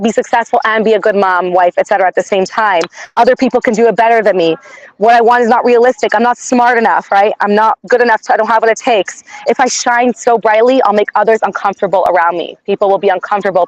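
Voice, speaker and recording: A woman's voice: on the high side, dry recording, muffled recording. A woman giving an inspirational class in a conversational way, often adding "like" and "right?". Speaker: class teacher.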